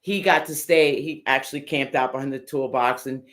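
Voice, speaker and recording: Older woman, interview guest, lively storyteller, acts out what others said, frequent "um" and "uh", casual and unpolished. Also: a bass voice, moderate pace. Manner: animated storyteller who acts out what others said, with many fillers. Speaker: guest, custom motorcycle builder.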